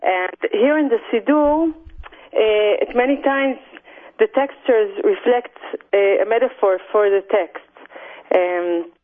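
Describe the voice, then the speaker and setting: Woman guest, hesitant and soft, tinny phone line. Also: fairly high pitch, takes it slowly. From Israel. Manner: soft-spoken, hesitant, many fillers. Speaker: illustrator guest. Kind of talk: phone interview. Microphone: telephone.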